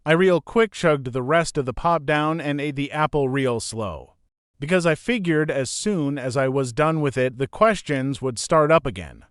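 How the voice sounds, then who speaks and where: Man reading an audiobook, smooth clear voice, kinda high, dry close sound. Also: moderate pace, no echo. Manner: plain, steady first-person reading. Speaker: audiobook narrator. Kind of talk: scripted storybook narration.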